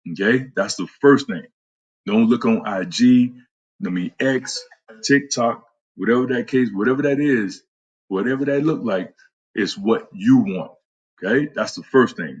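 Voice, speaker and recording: Husky, low-voiced man talking fitness. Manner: loose, profane, repeats himself with many fillers. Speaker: fitness podcast host. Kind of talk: casual talk answering listeners.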